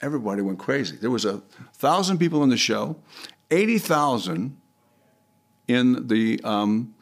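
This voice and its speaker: Older man telling stories with lively pitch. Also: moderate pace, creaky. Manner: rambling, repeats words, breaks into sung snippets. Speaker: interview guest. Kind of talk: animated storytelling.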